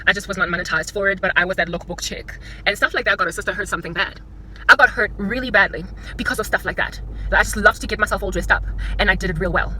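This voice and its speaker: A South African woman vlogging from inside a parked car into her phone camera, talking in an animated, dramatic and joking way. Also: medium pitch, a little hiss or hum, rough recording. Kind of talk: casual talking-head vlog.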